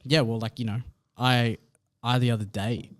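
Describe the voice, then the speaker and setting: An Australian man speaks at a middle pitch with an easy, laid-back delivery, leaning on fillers as he talks things through. His voice is recorded close and dry, with no room sound. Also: level tone, normal speed, dry recording. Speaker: podcast co-host. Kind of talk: casual podcast chat.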